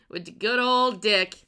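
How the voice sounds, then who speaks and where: Bright-voiced woman telling a crime story. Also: medium pitch, extremely slow, smooth. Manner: laughs often, swears freely, loose storytelling. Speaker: podcast host telling a true crime story. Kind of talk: casual storytelling chat.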